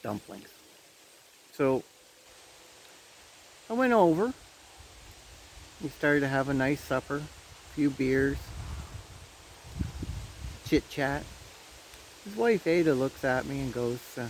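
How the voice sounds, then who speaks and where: A man's voice: mid-range voice, lively intonation, measured pace, pauses often, darkish tone, poor audio. A man from Canada telling a personal story in a casual, chatty vlog, laughing at his own tale, recorded outdoors in the wind. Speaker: vlogger. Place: outdoors on a windy day. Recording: light wind noise outdoors.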